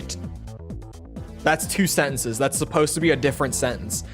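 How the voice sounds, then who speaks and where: A man's voice: mid-range voice, normal speed, fairly bright tone, faint music behind. A young man streaming a video game, chatting casually and picking apart the mission text with sarcastic asides. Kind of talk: casual gameplay commentary.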